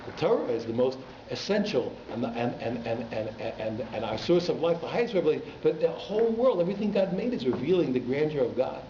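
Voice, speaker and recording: Male rabbi, informal Torah lecture, teasing asides, higher pitch, echoey synagogue hall. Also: fairly quick, hardly any pauses, slight background noise. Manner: animated, conversational, with teasing asides to the audience. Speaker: rabbi teaching a class. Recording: echoey hall, slightly muffled.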